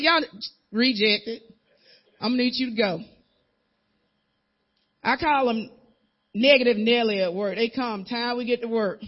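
A woman's voice: fairly high pitch, moderate pace, long pauses. Woman, minister, sermon, emphatic, repetitive, acts out voices, muffled lo-fi sound.

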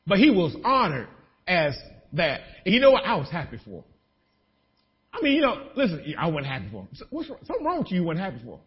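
A man preaching a sermon as pastor, animated, breaking into shouts of joy. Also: high-pitched, fast talker, dull audio.

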